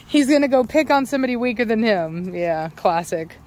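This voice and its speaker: Mellow and a little fast, this mid-range woman barely pauses as she talks outdoors while keeping an eye on her dogs. She's a dog breeder and channel host, chatty and heavy on fillers like um and like, often voicing what her dogs might be thinking.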